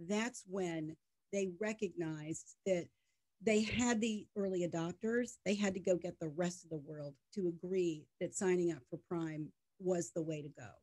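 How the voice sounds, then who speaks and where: A middle-aged woman, a tech startup co-founder, talking as an interview guest in an emphatic, animated storytelling way. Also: on the low side, a little slow. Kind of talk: conversational interview.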